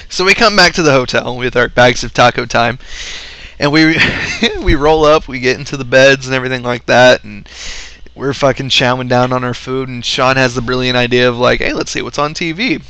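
Bright-toned man chatting, dry sound. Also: mid-range voice, fairly even intonation, normal speed, clean tone, no echo. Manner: laughing, profane, jumps in with comments. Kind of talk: casual chat.

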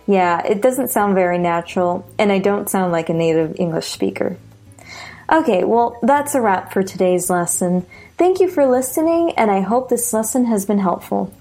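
A woman with an American accent teaching pronunciation, slowly repeating example sentences and stressing the key words. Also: mid-range voice, warm tone. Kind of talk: slow, deliberate lesson with spoken examples.

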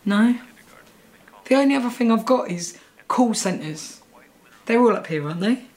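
A woman's voice: on the high side, animated, moderate pace, a little mellow. A chatty Estuary-accented woman. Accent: Estuary English. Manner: chatty, rambling, self-deprecating. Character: awkward chatty young Englishwoman new in town. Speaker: lead character and narrator. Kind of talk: TV comedy acting with voice-over narration.

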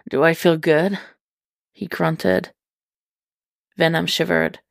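A woman reading fiction aloud in a measured, unhurried way. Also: sits low, creaky, no room sound, studio quality. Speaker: reader.

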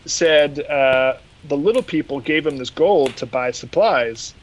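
This podcast host has a voice on the high side and talks slowly as he animatedly retells an episode in casual conversation, performing the quotes along the way. The recording is low quality.

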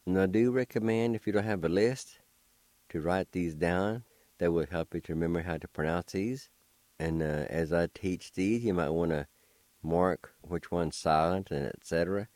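A man's voice: sits low, normal speed, darkish tone, dry recording. A man teaching a language lesson on the radio, carefully spelling out words letter by letter and repeating them.

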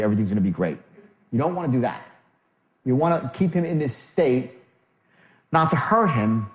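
A man's voice: medium pitch, a little mellow. A man running a live sales training seminar, acting out customer and salesman lines with shifting tone. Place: seminar room. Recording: echoey room.

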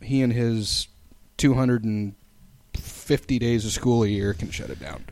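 A man's voice: mid-range voice, measured pace, no room sound. Dry-voiced joking man. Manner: joking, deadpan teasing. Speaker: podcast co-host. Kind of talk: casual chat.

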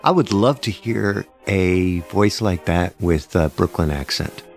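A man's voice: deep voice, lively intonation, a little slow, faint music behind. A man hosting a podcast, chatting casually and teasing his co-hosts with jokes. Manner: teasing, joking banter. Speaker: podcast host. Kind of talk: casual chat.

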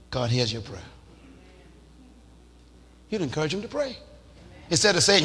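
A man preaching a sermon in a lively, animated way, acting out little scenes and shouting for emphasis. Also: very high voice, unhurried, long pauses. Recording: reverberant hall with faint noise.

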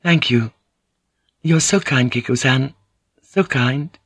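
A man voicing a kind, anxious young noble wife who speaks softly and earnestly. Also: mid-range voice, takes it slowly, slightly rough, no echo, studio quality, pitched above the performer's own voice, full character voice. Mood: tearful.

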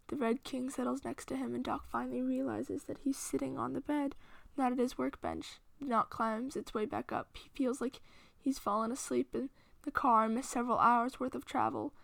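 A woman reading fan fiction aloud in a steady, hushed storytelling voice. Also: high-pitched, gravelly, no room sound. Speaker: reader.

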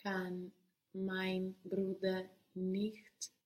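A woman taking a language lesson, slowly and carefully repeating phrases. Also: medium pitch, completely flat delivery, a little mellow, distant mic. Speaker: language student.

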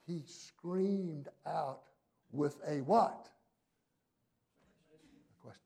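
A man preaching a sermon with a raised pitch and a gravelly edge to his voice. He drops to near quiet, then rises to loud, emphatic passages. His delivery is a pastor's, building on each point. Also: drawn-out words.

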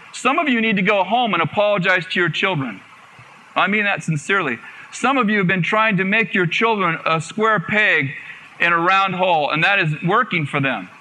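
A man's voice: high voice, sharp tone, slight background noise, poor audio. A man preaching a sermon to a congregation, earnest and repeating phrases for emphasis. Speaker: guest preacher.

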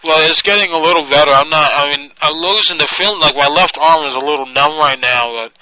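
A man's voice: on the high side, fast, crowd noise. A man making a prank phone call, groaning and talking breathlessly as if in pain. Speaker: prank caller.

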